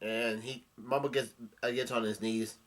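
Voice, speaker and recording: A man casually recapping a comic chapter, halting and full of fillers as he goes. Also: medium pitch, fairly even intonation, slight background noise. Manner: halting, with many fillers and restarts. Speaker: manga reader and recapper.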